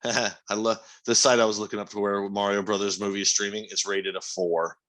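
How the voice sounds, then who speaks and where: Speaking briskly in a lowish, level, somewhat bright voice, this podcast co-host keeps things casual. He shares strong opinions and curses freely throughout the chat.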